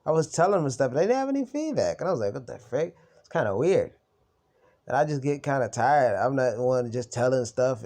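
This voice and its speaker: A young man with a mellow, dark-toned voice talks straight to camera in an unscripted vlog. He tells his story heatedly, full of blunt slang and swearing, without stopping. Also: medium pitch. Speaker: vlogger on recovery from narcissistic abuse. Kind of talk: unscripted personal venting to camera.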